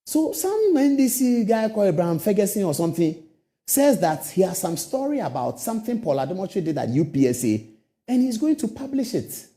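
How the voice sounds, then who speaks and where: Emphatic middle-aged Ghanaian man, lively pitch. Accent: Ghanaian English. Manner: emphatic, repetitive, indignant. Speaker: TV host. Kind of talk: political commentary monologue.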